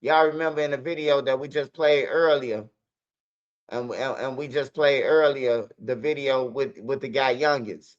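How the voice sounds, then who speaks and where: A man hosting a news commentary stream, telling street stories in a loose, animated way. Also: mid-range voice, normal speed. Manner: animated, acts out fight sounds and quotes. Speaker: commentary channel host. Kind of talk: casual storytelling commentary. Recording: dull lo-fi audio.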